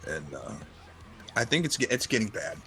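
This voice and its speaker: A man's voice: mid-range voice, normal speed, soft background music. A man co-hosting a gaming news podcast, telling a long story in a casual chat and acting out both sides of the dialogue. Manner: animated storyteller, acts out dialogue. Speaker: podcast co-host.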